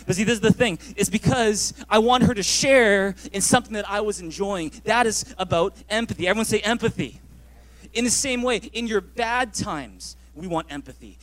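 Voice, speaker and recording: High-voiced man preaching a sermon. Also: quick pace, fairly bright tone. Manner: storytelling with acted-out dialogue and congregation prompts. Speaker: pastor.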